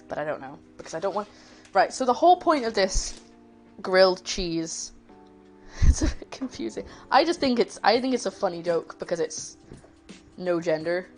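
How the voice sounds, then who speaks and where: A woman's voice: fairly low pitch, a little mellow. A woman hosting a cooking livestream, chatting casually and rambling, laughing easily as she greets her chat.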